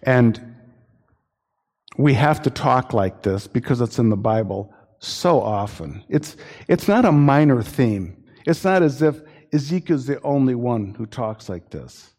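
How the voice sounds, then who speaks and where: A man's voice: mid-range voice, animated, measured pace, a little mellow. A male pastor preaching a sermon with an earnest, warning manner, often restarting his sentences. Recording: long hall reverb.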